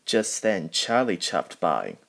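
A man reading a children's picture book aloud in a lowish voice. He goes very slowly and carefully, pausing between phrases. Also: wildly swooping pitch, creaky, a bit bright. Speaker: storybook reader. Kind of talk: storybook narration.

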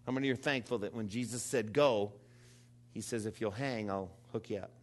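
A man in his fifties preaching a sermon, calling on the congregation to respond, dropping to low murmurs and rising to loud, high exclamations. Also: normal speed. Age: 50s. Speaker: pastor.

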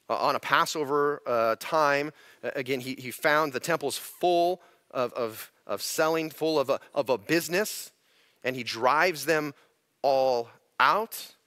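Male pastor, bright and dry-miked, conversational teaching sermon with frequent restarts. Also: fairly high pitch, no echo. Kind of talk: expository sermon. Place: church sanctuary.

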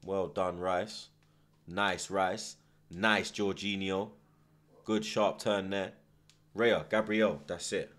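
A man hosting a live football watchalong, reacting loudly to the match with slang and swearing, shouting instructions at the players. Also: low voice, slow. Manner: excitable, shouts at the screen, heavy slang and swearing.

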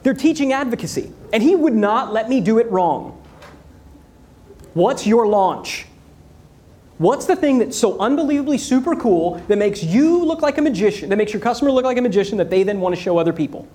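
Man, keynote speaker, higher voice, energetic, rhetorical, repeats for emphasis. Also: brisk. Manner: animated storytelling with rhetorical questions and repetition. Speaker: conference speaker.

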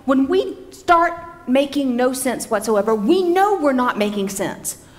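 A woman's voice: high-pitched, animated, measured pace. A woman co-presenting a comedic talk to a live audience, chatty and laughing as she speaks, in a hall.

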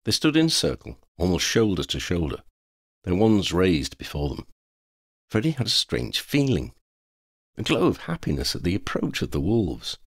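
A man reading a fan fiction audiobook in an expressive storytelling manner. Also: low-pitched, normal speed, breathy edge, no room sound, clean studio sound. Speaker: audiobook reader.

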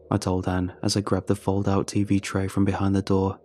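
A man with a low, husky voice narrates a first-person horror story in a scripted, even way. His tone is mellow and dark, and he tells it conversationally, with a faint bed of music behind him. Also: fairly quick.

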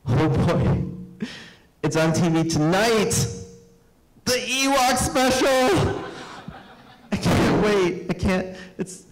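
A man's voice: high-pitched, slow pace, echoey room, soft background music, voice pushed up, poor audio. A man voicing an impatient young boy who stammers and pleads, in a live comic reading. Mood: excited.

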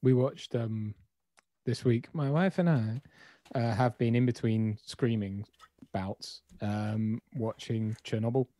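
A man's voice: mid-range voice, slow, warm tone, dry recording, clean studio sound. A man co-hosting a live stream, chatting enthusiastically and laughing often. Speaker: stream co-host. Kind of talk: casual chat on a live stream.

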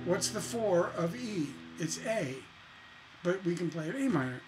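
Slow-talking man teaching songwriting over guitar. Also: high voice, expressive, low-quality recording. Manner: musing, talks through chords while playing guitar. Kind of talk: casual music lesson. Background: acoustic guitar playing.

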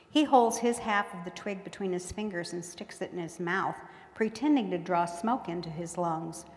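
A woman author reading her book aloud with folksy storytelling in a museum courtroom. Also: on the low side. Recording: echoey hall with long reverb.

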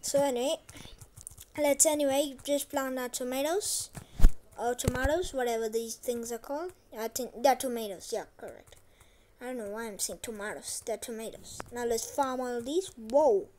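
A woman chatting casually while playing a farming game. She repeats herself often and makes an effort to speak loudly. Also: fairly high pitch, moderate pace, slight background noise. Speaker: gameplay commentator. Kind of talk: casual gameplay commentary.

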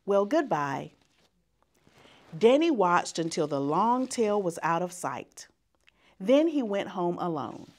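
A woman reading a children's picture book aloud as a guest reader, in an expressive storytelling manner. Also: fairly low pitch, a little slow.

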